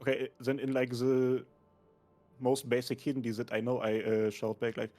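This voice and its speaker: A man's voice: mid-range voice, level tone, moderate pace, dark tone, soft background music. A man taking part as a player in a tabletop game, thinking aloud and hesitating as he decides what his character does.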